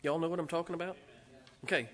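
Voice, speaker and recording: In a large hall, a man with a slightly high, steady voice preaches fast as a pastor. His sermon is conversational and folksy, he jokes with the congregation, and they can be heard responding.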